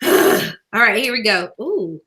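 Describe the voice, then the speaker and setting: Woman host, casual chatter, high-pitched and bright, emotional and laughing. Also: sing-song, takes it slowly, poor audio. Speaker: YouTube host. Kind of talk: casual chat.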